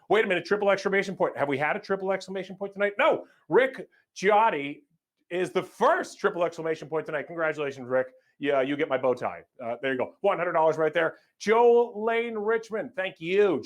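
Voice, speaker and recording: A man hosting a live fundraiser as emcee, energetically calling out donors and thanking them, sometimes stumbling over names. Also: sits high. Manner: energetic, upbeat announcing of donors.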